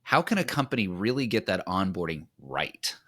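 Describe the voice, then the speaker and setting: Dry, low-voiced enthusiastic male host. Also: very animated, moderate pace, fairly bright tone, slightly rough, no echo. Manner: enthusiastic, repeats words when starting sentences. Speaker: podcast host. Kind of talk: casual interview chat.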